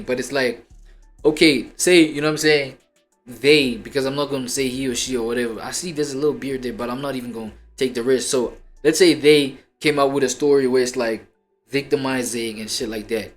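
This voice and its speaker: A man's voice: mid-range voice, brisk, soft background music. A man streamer in casual chat, rambling in heavy slang.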